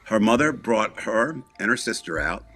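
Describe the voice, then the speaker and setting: A man's voice: on the low side, animated, normal speed, bright, forceful tone, faint music behind. A man chatting casually as a podcast co-host, telling a long story in a rambling way with restarts, asides and small chuckles.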